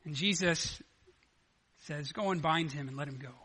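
A man preaching a sermon, animated and acting out the scripture dialogue as he retells it. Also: on the high side, normal speed, husky. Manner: animated, acts out the scripture dialogue in lively voices. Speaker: pastor.

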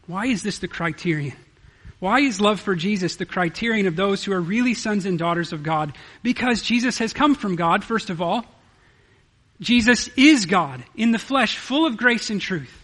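Man, high-pitched voice, pastor, earnest sermon, reads verses, rhetorical questions. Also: a bit bright. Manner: earnest, asks rhetorical questions, quotes scripture aloud. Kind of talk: expository sermon.

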